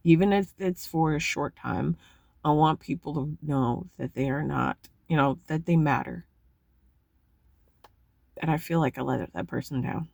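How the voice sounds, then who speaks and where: A woman's voice: sits low, unhurried, vocal fry, a little mellow, no room sound, studio quality. A woman talking casually to camera in a vlog, rambling and self-critical, swearing freely. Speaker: vlogger.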